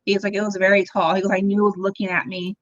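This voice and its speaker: A young woman, a podcast guest, telling her own story in a casual, animated way, acting out what people said, with ums and laughs along the way. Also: mid-range voice, fast, lo-fi sound. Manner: animated, acts out quoted dialogue, frequent ums and laughs. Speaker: interview guest.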